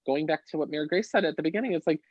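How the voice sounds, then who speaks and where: A man's voice: on the high side, rapid-fire, darkish tone, breathy edge. A man talks earnestly to podcast listeners, often restarting his sentences. His voice sits in the middle range and sounds dry and slightly dull, with no room echo. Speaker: podcast co-host. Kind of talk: casual podcast conversation.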